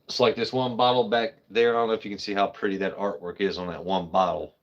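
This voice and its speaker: A man's voice: fairly low pitch, level tone, fast talker, highs cut off. A man hosting a casual live stream, rambling, joking with his chat and swearing freely. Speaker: livestream host.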